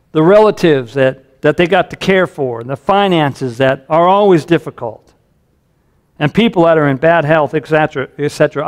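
A man preaching a sermon as a pastor, earnest and caring, his voice rising when he reads scripture aloud. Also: fairly high pitch.

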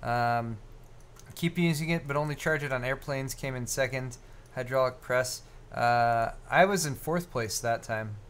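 A man's voice: medium pitch, unhurried, fairly bright tone, a little hiss or hum. A man co-hosting a live tech stream, chatting casually and rambling, with lots of fillers and restarts. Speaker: co-host of a live tech show.

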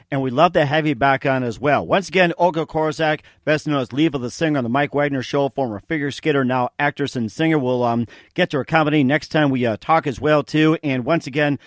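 A man's voice: on the high side, dry recording, clean studio sound. A man hosting an interview show, friendly and encouraging as he praises his guest and asks questions. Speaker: talk show host.

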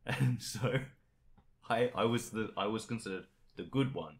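Young man, very low voice, casual podcast chat, boastful storyteller, laughs through his anecdotes, swears casually. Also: moderate pace. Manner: animated anecdotes, often laughing mid-sentence. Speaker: podcast co-host.

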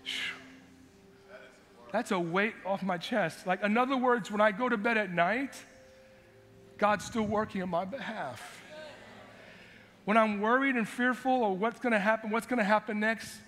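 Impassioned high-voiced preaching man. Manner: impassioned preaching, swinging from shouts to quiet asides. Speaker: pastor. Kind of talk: sermon. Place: church sanctuary. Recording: long echo of a church hall.

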